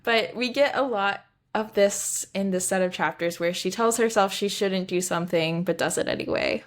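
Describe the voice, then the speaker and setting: A woman's voice: medium pitch, moderate pace. Young woman podcast co-host, casual chatter, rambling delivery, mid-range voice. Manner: chatty and rambling, trips over words. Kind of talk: casual book-discussion chat.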